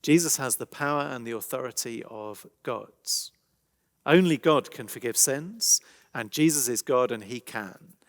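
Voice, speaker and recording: A man with an English accent giving a conversational church talk on a Bible passage, animated, dropping to hushed emphasis. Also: mid-range voice, unhurried. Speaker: preacher. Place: church hall. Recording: long reverberant hall.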